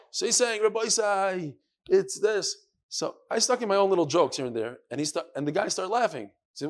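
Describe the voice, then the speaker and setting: Leading a live Talmud class in a study hall, a male rabbi speaks directly to his students. His fairly quick, animated, high-pitched voice carries stories told with flair and quotations he acts out.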